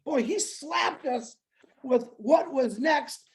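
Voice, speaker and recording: A man co-hosting a livestream, excitable and joking, bursting into shouts. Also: very high voice, slow, gravelly. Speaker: co-host. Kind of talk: hyped livestream chat.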